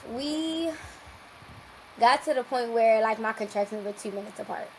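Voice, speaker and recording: A young woman, a podcast guest, telling a long personal story in a lively, casual way and acting out what people said. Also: fairly high pitch, moderate pace, slight background noise, poor audio. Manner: lively, acts out quoted dialogue.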